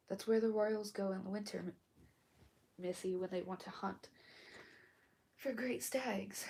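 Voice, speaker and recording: A woman reading a story aloud while sick and hoarse, coughing between lines and often dropping to a whisper. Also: medium pitch, warm tone. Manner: slow, halting, often drops to a whisper. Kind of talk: casual live read-aloud with asides.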